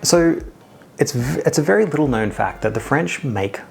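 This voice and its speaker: An Australian man with a mid-pitched voice hosts a casual whisky review video. His talk is chatty and self-mocking, with jokey asides along the way. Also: lively intonation, moderate pace, creaky, darkish tone, soft background music. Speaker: whisky reviewer, channel host.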